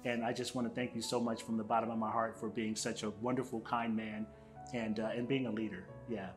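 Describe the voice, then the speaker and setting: A man giving a spoken tribute to a colleague, full of praise and gentle joking. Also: on the low side, little pitch movement, brisk, music in the background. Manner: warm praise, light and joking.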